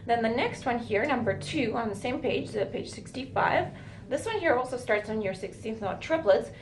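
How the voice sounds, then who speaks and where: A woman's voice: fairly high pitch, animated, normal speed, slight background noise. A woman teaching a recorded drum lesson, explaining fills and checking in with "right?" as she goes. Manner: counts beats aloud, says "right?" often. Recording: roomy with drums playing.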